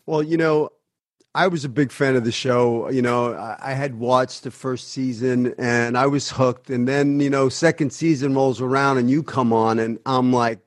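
A man's voice: medium pitch, steady tone, normal speed, no echo, clean studio sound. A man hosting an interview, an acting coach who speaks enthusiastically and explains his method. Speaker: podcast host and acting coach. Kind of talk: interview conversation.

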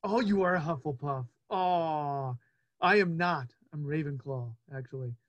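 A man in his forties hosting a casual interview, playful and chatty, with quick asides. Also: a little high, dull audio. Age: 40s. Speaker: podcast host.

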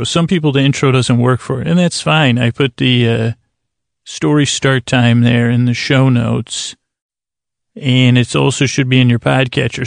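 A man with a gravelly, creaky voice drifts through a rambling sleep-podcast intro, poking fun at himself as he goes. He speaks close and intimately to the listener, as if beside them at bedtime. The recording is dry and close, with no room sound. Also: dry recording. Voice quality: creaky, low-key dulcet tones. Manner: meandering, self-deprecating, talks to the listener intimately.

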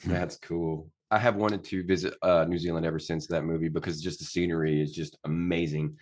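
A man co-hosts a podcast and chats in a relaxed, friendly way. He rambles a little as he talks. His voice is very deep. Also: brisk. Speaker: podcast co-host. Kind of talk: casual interview chat.

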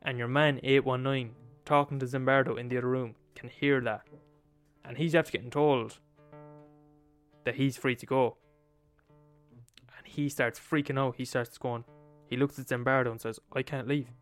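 A man's voice: mid-range voice, fairly even intonation, normal speed, smooth, faint music behind. A man with an Irish accent retelling a story in a casual, profane, repetitive, conversational way.

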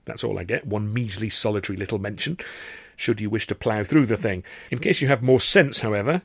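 A man narrating his own book in a wry, chatty storytelling manner. His voice sits on the low side and is recorded dry and close, with no room sound. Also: creaky, dry recording. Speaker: author-narrator. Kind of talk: scripted audiobook narration.

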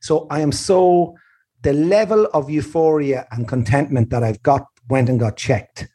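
Irish guy, middle-aged, telling a big animated story on a chat show, curses a lot, husky voice. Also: fairly high pitch, measured pace. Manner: animated storyteller, swears freely, acts out other voices. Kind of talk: casual chat.

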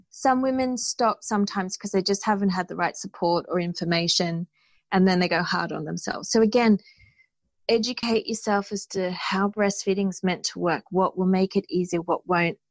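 A woman's voice: mid-range voice, dry recording, poor audio. Earnest woman in a dry, close recording. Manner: earnest, animated storyteller. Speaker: guest. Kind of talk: conversational interview.

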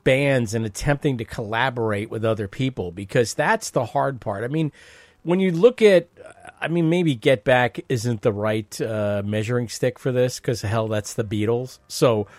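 A man hosting a casual podcast, chatty and animated as he riffs and asks his guest questions. His voice is close and dry, with no room sound around it. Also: mid-range voice, normal speed, no echo. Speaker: podcast host.

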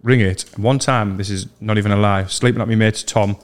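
A young man hosting a casual podcast, telling animated stories and mimicking voices. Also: lowish voice, fairly quick, smooth. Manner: animated storyteller, mimics voices in his anecdotes. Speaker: podcast host. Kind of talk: casual chat, storytelling.

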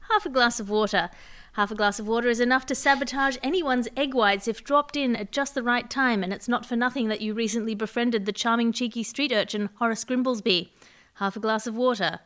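A woman's voice: on the high side, a bit bright, clean tone. A woman hosting a comedy podcast, reading absurd news items and fake ads in a mock-serious newsreader manner. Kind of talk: deadpan comic news reading.

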